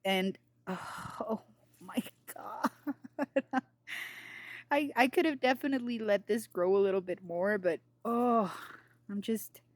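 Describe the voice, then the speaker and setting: A woman's voice: mid-range voice, unhurried, no echo. A woman giving a casual garden tour in her vlog, giddy and giggly, outdoors in her home garden. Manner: giddy, giggly, over-excited. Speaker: gardening vlogger.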